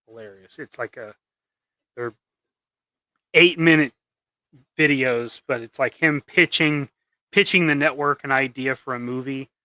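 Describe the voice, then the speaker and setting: A man's voice: medium pitch, sharp tone, no echo. A man hosting a live stream while he paints custom action figures, chatting casually with viewers in a rambling, joking way. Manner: rambling and jokey, many restarts, chatting to viewers.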